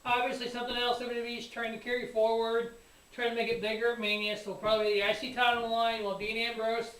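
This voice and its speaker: Guy ranting about wrestling, high-ish voice, swears a lot, sounds far off in an echoey room. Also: quick pace. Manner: excitable, profane, rambling storytelling. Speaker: sports show host. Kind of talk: casual wrestling review.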